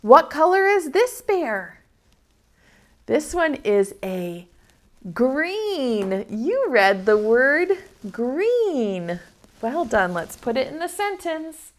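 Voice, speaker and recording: A woman leads preschool circle time, her voice lively and swooping up and down as she sings and reads with little ones. She talks slowly and patiently, coaxing children to join in. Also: high voice. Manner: slow, sing-song, encouraging talk to small children. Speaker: preschool teacher.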